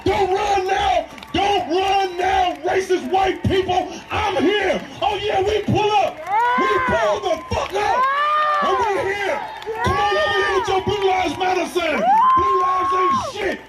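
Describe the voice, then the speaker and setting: A man giving a shouted protest speech outdoors, furious, profane and taunting. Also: very high-pitched, big pitch swings, a little slow. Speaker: protest speaker. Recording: distant, echoey clip with loud crowd and music.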